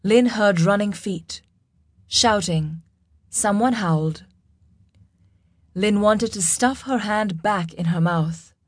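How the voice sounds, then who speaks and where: Slow, measured woman audiobook narrator. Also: mid-range voice, no echo, clean studio sound. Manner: measured, dramatic storytelling.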